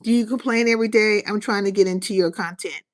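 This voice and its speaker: A woman chatting on her own livestream at a middling pitch. She rambles loosely and swears freely as she answers viewers' comments. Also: quick pace. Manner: loose, profane, rambling chat with chat readers. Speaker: livestream host. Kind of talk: casual livestream chat.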